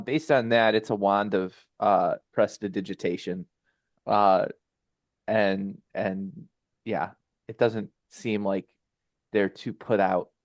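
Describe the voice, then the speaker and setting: Slow, halting male game master. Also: on the low side, dry recording. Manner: halting, many fillers, laughs often. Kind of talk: narrating a tabletop game.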